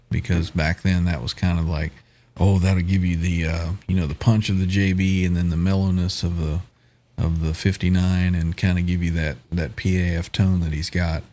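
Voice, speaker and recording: A man hosting a casual live guitar chat stream, relaxed and quick to laugh as he reads out viewer comments. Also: low voice. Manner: relaxed, laughs often, talks through chords. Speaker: podcast host reading live chat.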